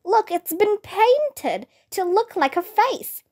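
A woman's voice: very high voice, very animated, takes it slowly, darkish tone, pitched above the performer's own voice, exaggerated voice. A woman voicing a curious, questioning young boy in a children's storybook.

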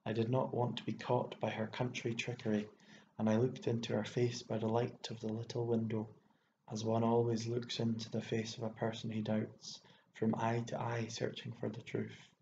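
A man narrates a literary short story in a steady, measured way. His voice is gravelly and dark, with little rise and fall. The recording is dull and lo-fi, with an echoey room sound. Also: medium pitch, slight background noise. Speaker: audiobook narrator.

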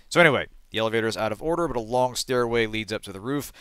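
A man hosting a let's play, reading game text aloud and thinking out loud, often trailing off and correcting himself. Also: medium pitch, expressive, very fast, few pauses, clean tone, dry recording.

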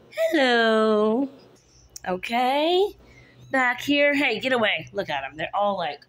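A woman's voice: fairly high pitch, expressive, slow pace, a bit bright. A woman, chatting casually as she shows her kittens one at a time and coos at them in baby talk, filmed on a handheld phone. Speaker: cat breeder showing kittens. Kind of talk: casual kitten showcase vlog.

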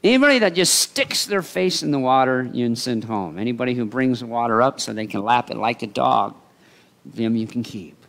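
A male pastor preaching a sermon in an animated storytelling way. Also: medium pitch, a little fast, creaky. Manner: animated storytelling, acting out voices.

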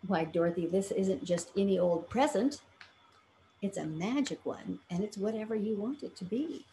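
A woman's voice: mid-range voice, animated, moderate pace, warm tone, a little hiss or hum, natural voice. A woman voicing a jolly, kindly old Santa Claus in a storybook reading, with a reassuring manner.

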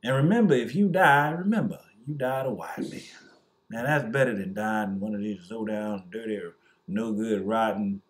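A man's voice: on the low side, normal speed, lightly acted. A man voicing a scheming white Southern power broker who talks down to poor whites, with a put-on Southern accent and a scornful, condescending manner.

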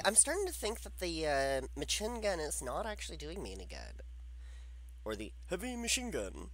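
A woman's voice: deep voice, huge pitch swings, moderate pace, a little hiss or hum. A woman giving casual let's-play commentary, joking and swearing as she talks to herself while playing. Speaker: gameplay commentator.

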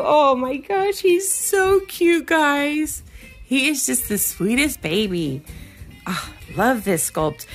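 A woman doll artist chatting casually while she dresses a doll, cooing at it in a high baby-talk voice. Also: pushed and bright. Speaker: reborn doll artist and vlogger.

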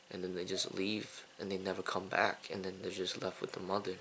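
A man's voice: sits low, completely flat delivery, fairly quick, hardly any pauses, a bit bright, slight background noise. A man hosting his own channel, talking in a casual, indignant opinion monologue with lots of fillers and repeated phrases. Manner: repetitive, indignant, many fillers. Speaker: kung fu channel host.

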